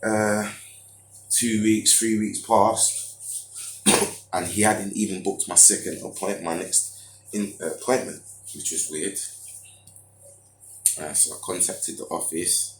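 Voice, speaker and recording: Deep-voiced frustrated man. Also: fairly even intonation, slow, long pauses, roomy sound, a little hiss or hum. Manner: frustrated storytelling with street slang and many fillers. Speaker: vlogger. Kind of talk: casual monologue.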